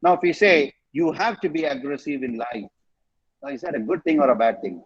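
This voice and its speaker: Man, Tamil accent, teaching online, husky, muffled lo-fi audio. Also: on the high side, very animated, fast. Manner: mixes Tamil with English, quizzes students, spells words out. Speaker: English teacher. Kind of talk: online vocabulary lesson. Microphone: video call.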